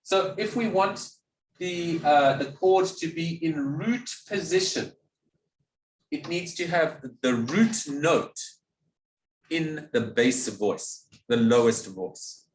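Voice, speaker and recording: A man's voice: fairly high pitch, lively intonation, takes it slowly. A man giving a music theory lecture, patiently asking questions and answering them himself. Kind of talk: classroom lecture. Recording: echoey room, mic at a distance.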